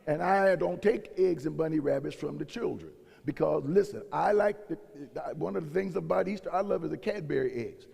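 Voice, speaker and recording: Gravelly-voiced preacher man in echoing hall. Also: fairly high pitch, normal speed, few pauses, darkish tone. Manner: preaching with rising intensity and quoted voices. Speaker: pastor. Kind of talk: sermon. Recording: long reverb of a large hall.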